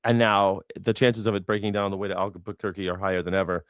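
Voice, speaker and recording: A man's voice: on the low side, flat delivery, fast talker, clean tone, no room sound. A man in his forties from Los Angeles hosting a casual livestream, rambling and sarcastic with jokey asides. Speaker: host of a news reaction stream.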